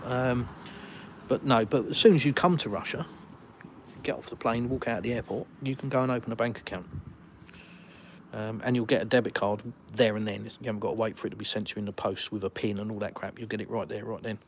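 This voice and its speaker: A man's voice: on the low side, fairly even intonation, quick pace, a little hiss or hum. Blunt Englishman reading a live chat. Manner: blunt, dry sarcasm toward trolls. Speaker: livestream host. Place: outdoors in a village.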